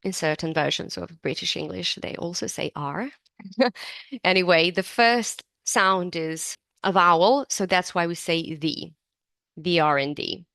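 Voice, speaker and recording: A woman's voice: fairly low pitch, unhurried, creaky, a bit bright, no room sound. A woman teaching an English lesson, explaining phrases patiently and breaking words down step by step. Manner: admits to digressing.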